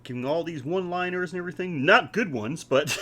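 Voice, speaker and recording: Laid-back halting male podcast host. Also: fairly high pitch, a bit bright. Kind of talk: casual chat.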